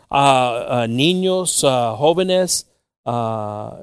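A man's voice: mid-range voice, lively intonation, a little slow, vocal fry, clean tone, no echo, clean studio sound. A man preaching a sermon, switching between Spanish and English, with many fillers and acted-out quotes from the story. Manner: acts out quoted voices in the story. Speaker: pastor. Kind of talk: bilingual sermon.

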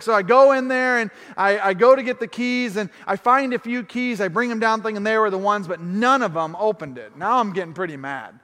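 Male pastor, high voice, lively sermon storyteller, echoing church hall. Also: fairly quick, hardly any pauses. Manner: animated, self-deprecating humor, acts out his own thoughts.

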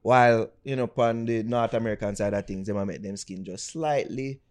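A man's voice: on the low side, a little fast, darkish tone. A Jamaican man co-hosting a podcast in casual chat, laid-back and slipping into patois. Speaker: podcast co-host.

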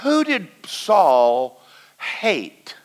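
A man preaching a folksy sermon to a congregation, swinging between loud and quiet. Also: high-pitched, wildly swooping pitch, extremely slow. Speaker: pastor. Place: church in front of a congregation.

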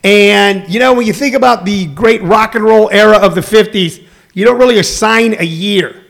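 This man in his sixties is a comedian streaming casually from home, reading viewer comments and plugging shows as he rambles. He talks at a normal speed in a high, creaky, slightly bright voice.

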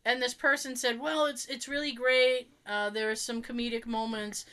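A woman in casual chat, talkative and quick to laugh, often restarting her sentences. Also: on the high side, fairly even intonation, a bit bright, clean tone.

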